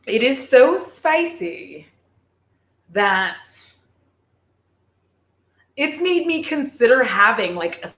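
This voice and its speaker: A woman's voice: fairly high pitch, very animated, slow pace, long pauses, fairly bright tone, roomy sound. A woman chatting on a casual livestream, rambling and giggling with lots of fillers. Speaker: streamer.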